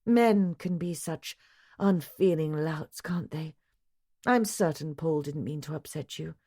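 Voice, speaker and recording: A woman narrator gives voice to a composed society lady who soothes a weeping friend with gentle, refined phrasing. The voice stays low and even. It is an audiobook reading. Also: slow pace, no room sound, clean studio sound, full character voice. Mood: soothing.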